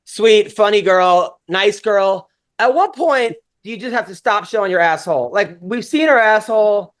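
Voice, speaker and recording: A man's voice: sits high, animated, normal speed, a bit bright. A man hosting a podcast, telling stories in casual chat with constant swearing, restarts and rambling. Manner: profane, rambling storytelling with many restarts. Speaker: podcast host.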